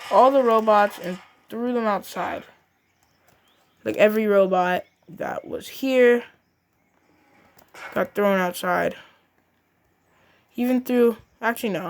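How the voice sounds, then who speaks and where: Female storyteller, slow and rambling, casual toy-story narration. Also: mid-range voice.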